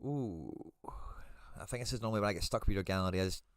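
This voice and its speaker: Man, low-pitched, live-stream host, chatty, thinking aloud, dry close sound. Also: fast, clear, resonant tone, no echo. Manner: chatty, thinks aloud, reads out viewer comments.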